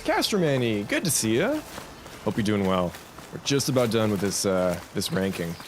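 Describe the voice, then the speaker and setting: Over a noisy background, a man with a fairly low voice chats casually at normal speed on a live stream while playing a game. He rambles in a lively way, talking both to himself and to his chat.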